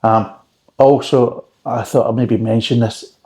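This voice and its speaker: Mellow, rambling man chatting recipes. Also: medium pitch, flat delivery, a little slow. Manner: rambling, chatty, dry joking asides. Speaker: drinks reviewer. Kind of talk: casual home recipe chat.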